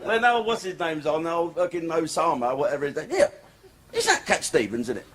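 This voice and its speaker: A man's voice: fairly high pitch, big pitch swings, fairly quick, fairly bright tone. A man doing a crude, profane stand-up comedy set in a comedy club. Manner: crude, profane, swearing constantly. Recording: noisy club recording.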